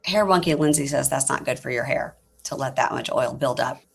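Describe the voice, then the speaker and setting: A woman's voice: extremely low pitch, a little fast, creaky, breathy edge, no echo. A woman co-hosting a podcast, chatting casually as she recaps a reality show and acts out quotes. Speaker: podcast co-host. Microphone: home computer mic over a call.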